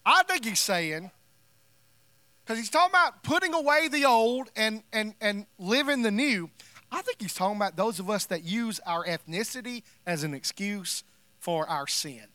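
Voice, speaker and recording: A man with a notably high, bright voice delivers a sermon as pastor, talking to his congregation in an easy, conversational way and pressing his points with emphasis. His voice is close and dry, with almost no room sound around it. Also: lively intonation, normal speed, no room sound. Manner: conversational, emphatic preaching with playful asides.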